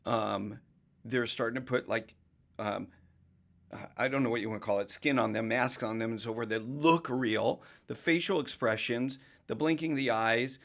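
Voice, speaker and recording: A man's voice: medium pitch, moderate pace, vocal fry, fairly bright tone. A man talking on a casual podcast as a mortgage professional guest, explaining things emphatically in long runs.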